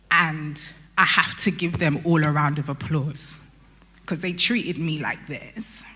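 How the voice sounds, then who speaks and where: A woman's voice: fairly low pitch, pushed and bright, husky, in a large hall. A woman, candidly telling her personal testimony at a youth convention with touches of humour. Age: late 20s. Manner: candid storytelling with light humour.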